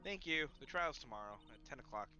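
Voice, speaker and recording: A man reading the lines of a worried young woman in a game, in a flat, quick read-along manner. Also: mid-range voice, roomy sound, dull audio, soft background music.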